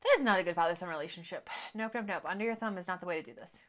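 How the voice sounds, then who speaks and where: A woman giving casual, chatty commentary while watching a film, thinking out loud and often dropping to quiet murmurs. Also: on the low side, rapid-fire. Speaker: reaction video host. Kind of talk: casual movie reaction commentary.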